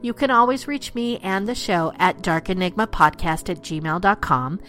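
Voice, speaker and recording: A woman's voice: on the low side, normal speed, faint music behind. A woman hosting a radio podcast, reading a scripted segment and signing off affectionately to her listeners. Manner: lively, affectionate sign-off. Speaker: podcast host. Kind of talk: scripted narration.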